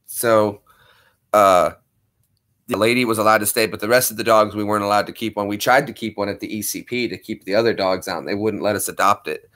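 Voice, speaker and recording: A man's voice: fairly low pitch, fairly even intonation, a little fast, a bit bright. A young man, a streamer, chatting casually with viewers and thanking them effusively. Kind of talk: casual livestream chat.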